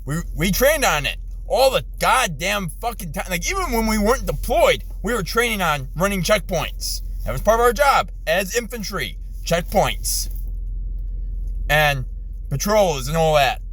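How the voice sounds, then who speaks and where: A middle-aged man, an army veteran, in an angry, profane rant from his car, exasperated, his voice jumping high when he yells. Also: very animated, measured pace, breathy edge, low-quality recording. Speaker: ranting vlogger, army veteran.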